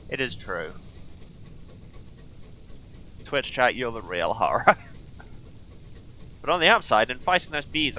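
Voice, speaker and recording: A man streaming a video game who jokes, exclaims often, and reads the game's story text aloud in a slower, softer voice. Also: medium pitch, slight background noise, rough recording. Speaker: let's play streamer. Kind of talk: casual game commentary with text read aloud.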